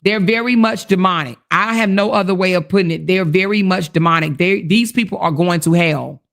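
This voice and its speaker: In a fairly low, creaky voice and at a fairly quick pace, a woman hosts a casual livestream. She talks directly to viewers and reads their chat comments out loud, indignant, emphatic, and repetitive.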